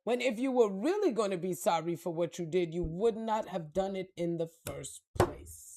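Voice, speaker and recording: A woman's voice: mid-range voice, animated, normal speed, warm tone. A woman spiritual reader ranting to camera in a blunt, profane, heated way. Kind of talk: unscripted rant to camera.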